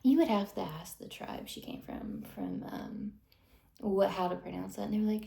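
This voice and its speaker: A woman with a gravelly, mellow voice rants indignantly to her viewers. She keeps dropping into hushed, whispered asides. Her voice carries a roomy echo. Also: mid-range voice, moderate pace. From United States. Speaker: vlogger. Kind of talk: ranting monologue to camera.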